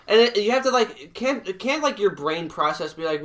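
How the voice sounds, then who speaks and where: A man's voice: high voice, normal speed, fairly bright tone. A man co-hosting a podcast in casual chat, blunt, profane and dismissive. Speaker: podcast co-host.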